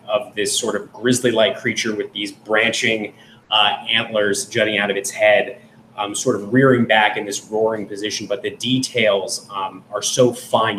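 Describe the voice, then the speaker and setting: A man playing a tabletop game, describing his character's actions in halting, filler-heavy narration. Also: fairly low pitch, pushed and bright, echoey room, a little hiss or hum, poor audio. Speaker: player.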